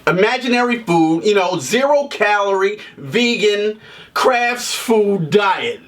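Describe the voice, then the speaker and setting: A man's voice: sits high, lively intonation, slow pace, a bit bright, distant mic. A man giving a casual, comedic movie review, joking and swearing as he rants. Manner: profane, joking rant with frequent laughs.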